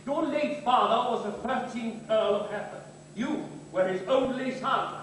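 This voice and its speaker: An actor playing a fussy, formal family solicitor on a theatre stage. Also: male voice, very high-pitched, a little slow, fairly bright tone, a little hiss or hum. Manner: formal, precise. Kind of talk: live stage musical dialogue. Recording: echoey theatre from far off.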